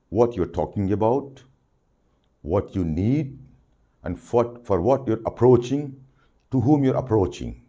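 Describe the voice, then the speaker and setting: A man giving a soft skills lesson, deliberate and repeating phrases for emphasis. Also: medium pitch. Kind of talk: spoken lesson to camera.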